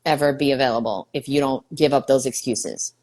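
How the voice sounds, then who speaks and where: A woman's voice: very deep voice, fairly quick, a little mellow. A woman from New York, a guest in a casual video chat, talking bluntly and brashly and swearing freely.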